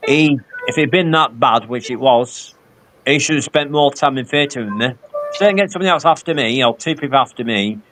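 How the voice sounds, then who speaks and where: A man's voice: medium pitch, fairly quick, over music. Rambling man in his fifties. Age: 50s. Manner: rambling anecdotes with quoted dialogue. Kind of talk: casual chat.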